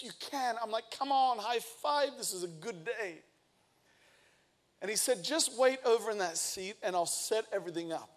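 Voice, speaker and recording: A man in his thirties preaching a sermon, telling a lively personal story and acting out the quoted lines. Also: high-pitched. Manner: energetic storytelling, acts out quotes. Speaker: pastor.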